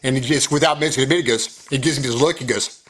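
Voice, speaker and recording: An animated man telling a story on a video call in a songwriting circle. He acts out each quote as he goes, in an easy casual way. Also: medium pitch, quick pace.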